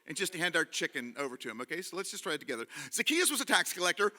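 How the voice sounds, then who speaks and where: A man telling a story live to an audience in a hall, animated and leading them in call-and-response. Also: sits high, rapid-fire.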